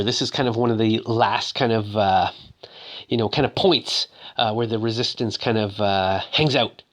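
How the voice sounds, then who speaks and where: A man's voice: fairly low pitch, normal speed. A man casually retelling a movie in a rambling, joking way, full of fillers. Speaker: narrator.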